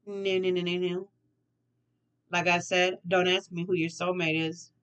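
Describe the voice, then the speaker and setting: A woman hosting a casual tarot reading, talking in a sassy, playful way that keeps repeating phrases, moving between soft murmurs and loud teasing bursts. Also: on the low side, little pitch movement, unhurried, clean tone, muffled recording. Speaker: tarot reader.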